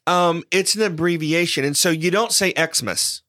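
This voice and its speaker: A man co-hosts a podcast in a casual, explanatory way and laughs often. His voice is bright and forward and sits a little high. The sound is dry and close to the mic. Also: normal speed, no room sound. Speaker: podcast co-host. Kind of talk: casual chat.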